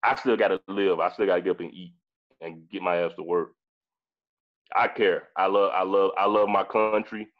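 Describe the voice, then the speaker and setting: Guy in his 40s, kinda low voice, blunt and sweary, keeps repeating himself, muffled lo-fi audio. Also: steady tone, normal speed. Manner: emphatic, profane, repeats himself. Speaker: guest. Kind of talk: casual discussion.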